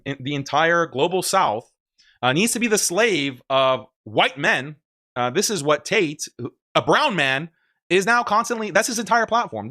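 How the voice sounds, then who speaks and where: Laughing a lot and speaking with emphasis, this man offers casual, argumentative commentary while watching clips on a stream. His voice is fairly high, bright and pushed.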